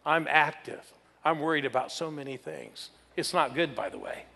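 A man's voice: a little high, moderate pace, gravelly, bright, forceful tone, long reverb tail. A man in his sixties, a pastor telling a personal story in a sermon, playfully drawing in the audience. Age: 60s.

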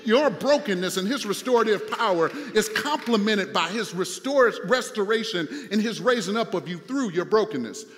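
High-voiced man preaching in a reverberant hall. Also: animated, normal speed, hardly any pauses, fairly bright tone. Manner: conversational preaching with repeated phrases and fillers. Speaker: pastor. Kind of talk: sermon.

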